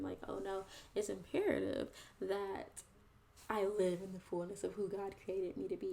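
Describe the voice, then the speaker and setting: A host and poet speaks straight to viewers of her own video channel in a casual vlog monologue, earnest, reflective, and chatty. Her mid-range voice is creaky with a warm tone.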